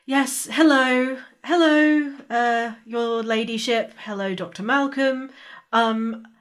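A woman's voice: on the high side, takes it slowly, voice pushed up. A woman voicing a young, furry alien woman who speaks formally in a tabletop game.

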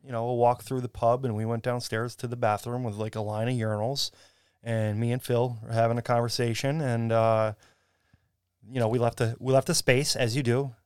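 A man's voice: mid-range voice, little pitch movement, a little fast, smooth, dry recording, clean studio sound. A man telling a story in a casual chat, rambling with fillers and laughing. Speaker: podcast guest telling a story.

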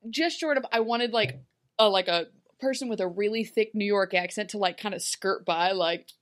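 A woman's voice: medium pitch, normal speed, a bit bright. A woman co-hosting a casual podcast, riffing in a jokey way about a TV episode and acting out comic bits. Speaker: podcast co-host. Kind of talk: casual TV recap chat.

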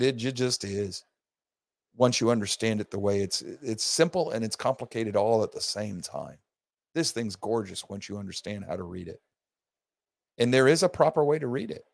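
A man's voice: mid-range voice, vocal fry, no echo. A man teaching a recorded Bible study class, talking emphatically and stressing his points, often restarting mid-word.

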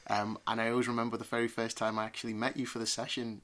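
Bright-voiced enthusiastic male podcast host. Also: mid-range voice, level tone, very fast. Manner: enthusiastic, encouraging. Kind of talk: podcast interview.

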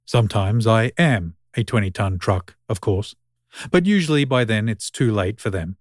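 A sardonic God speaking from an old vending machine, as a male reader puts him on in a storybook reading. His voice sits a little low and sounds lordly and impatient. The recording is close and dry. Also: expressive, normal speed, no echo.

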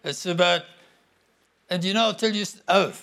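A man's voice: sits high, moderate pace, creaky, fairly bright tone. A man preaching a conversational sermon, declaring scripture with emphasis.

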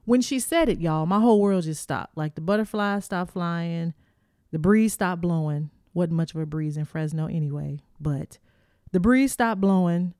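A middle-aged woman hosting, telling a personal story in a lively, animated way and acting out the voices of the people in it. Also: fairly low pitch, normal speed, dry recording, clean studio sound. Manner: animated, acts out quotes, addresses listeners as y'all. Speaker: host.

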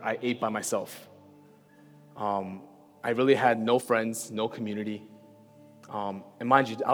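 A preacher from New York with a medium-pitched voice tells a personal story during his sermon, keeping it casual and self-deprecating and frequently checking in with "right?". He's in a church hall, and the recording echoes with soft music in the background.

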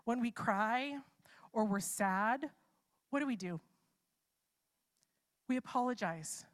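A woman's voice: sits high, expressive, moderate pace. A woman preacher giving a live sermon in a casual, chatty way, posing many rhetorical what-if questions.

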